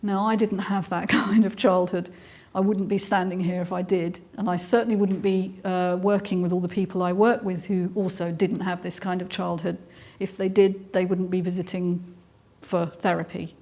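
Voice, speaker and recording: This woman's voice is fairly low and level, with a darkish tone and moderate pace. Middle-aged and from England, she gives an earnest, explanatory live talk on trauma, punctuated by many ums and restarts.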